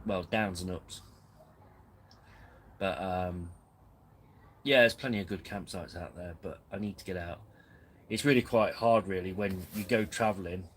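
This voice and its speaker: A man's voice: deep voice, fairly bright tone, slight background noise, low-quality recording. A man hosting a casual live stream from his tent, rambling and self-deprecating. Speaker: camping channel host. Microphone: camera on tripod.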